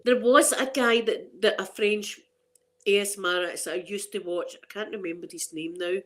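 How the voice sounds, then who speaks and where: Chatting and rambling to her viewers, a middle-aged Scottish woman runs an ASMR channel, laughing and often restarting her sentences. She speaks at normal speed in a steady, mid-range voice, with a little hiss or hum in the recording.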